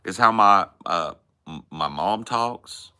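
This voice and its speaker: A man's voice: sits low, takes it slowly, clear, resonant tone. A man with a Texan accent chatting casually as a podcast host, candid and rambling. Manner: candid, rambling, relaxed drawl. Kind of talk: casual chat.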